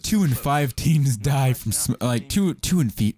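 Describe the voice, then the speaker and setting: A young man riffs over a video game, cracking jokes as he plays. His pitch swings widely as he slips into goofy voices for the characters on screen. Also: expressive, measured pace, darkish tone. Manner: joking, playful silly voices for characters. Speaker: gaming video host. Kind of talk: casual let's-play commentary.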